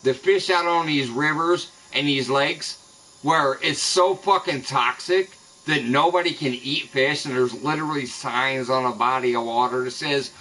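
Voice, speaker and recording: Bright-voiced man in a profane rant. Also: medium pitch, measured pace, poor audio. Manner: profane, angry ranting. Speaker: streamer playing a fishing game. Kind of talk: live gaming stream rant.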